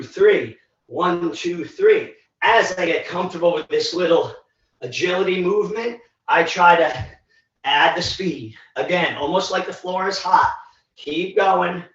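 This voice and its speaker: Winded male trainer, slow cues, echoey room far from the mic. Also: sits high, a bit bright. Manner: encouraging, counts down reps and cues moves. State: out of breath. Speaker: fitness instructor. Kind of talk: live virtual workout coaching. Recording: echoey, distant, dull livestream audio.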